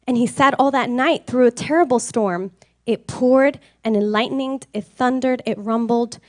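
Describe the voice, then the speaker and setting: High-voiced woman reading a rhyming story. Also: moderate pace, no room sound, clean studio sound. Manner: rhythmic, expressive and sing-song. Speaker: reader.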